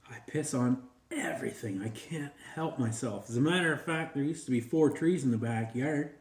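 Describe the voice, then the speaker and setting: A man's voice: mid-range voice, normal speed, natural voice. A man voicing a male dog in a told joke who admits he can't stop peeing, matter-of-fact and confessing. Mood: sheepish. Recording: roomy echo.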